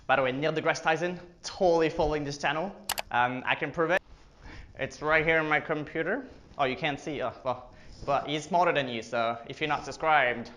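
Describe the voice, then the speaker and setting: A man's voice: on the high side, brisk, a bit bright. Man, marketing vlogger, casual explainer, joking asides, roomy echo. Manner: joking asides, filler-heavy. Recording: echoey room.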